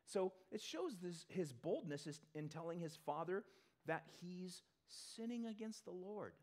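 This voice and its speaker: A male pastor giving a conversational sermon to a congregation in a church, talking in an animated way. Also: sits high. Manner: animated, acts out quick character voices.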